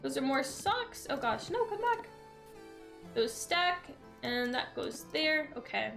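A young adult woman streaming a game, chatting excitedly with her viewers as she plays. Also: sits high, slow, gravelly, faint music behind. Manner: bubbly, excitable, talks to chat while playing. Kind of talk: casual gaming stream chat.

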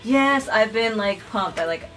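A young woman hosting a casual reaction video, talking excitedly, swearing freely and saying "like" a lot. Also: mid-range voice, normal speed, over music, rough recording. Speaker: reaction channel host. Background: anime episode audio playing.

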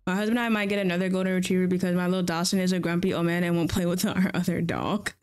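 A woman's voice: fairly low pitch, fairly even intonation, very fast, clear, resonant tone, faint music behind. A woman streaming a farming game, chatting playfully and answering her viewers as she plays. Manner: playful, chatty, reacts aloud and answers chat. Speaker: gaming streamer. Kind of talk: casual live-stream chat while playing.

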